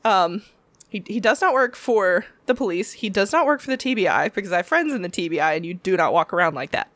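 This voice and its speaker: A woman's voice: mid-range voice, animated, brisk, fairly bright tone, dry recording. Woman rambling thru funny work stories, laughing a lot, super dry close sound. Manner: rambling, laughing, acting out customers in her stories. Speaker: podcast co-host. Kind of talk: casual storytelling chat.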